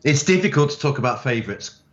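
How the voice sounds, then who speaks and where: A man's voice: medium pitch, expressive, fast, reverberant, lo-fi sound. A man, a writer, chatting in an interview and telling stories with many fillers. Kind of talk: interview conversation.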